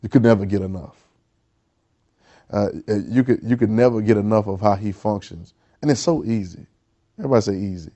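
A man preaching a sermon, calling on the congregation to answer back and building to loud, emphatic peaks. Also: fairly low pitch, moderate pace. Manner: exhorting, calls for congregation responses.

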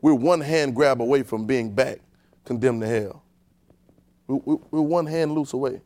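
A male preacher delivers a conversational sermon, addressing his congregation directly and swinging between quiet, low asides and loud emphasis. He speaks at a moderate pace, with no room sound.

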